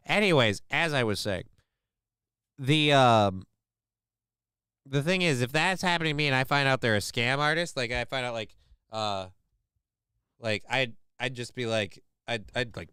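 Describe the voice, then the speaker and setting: A man's voice: medium pitch, normal speed, sharp tone, smooth, dry recording, clean studio sound. A man hosting a livestream, chatting casually with his viewers in a rambling, joking, profane way. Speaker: livestream host. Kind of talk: casual chat to a live chat.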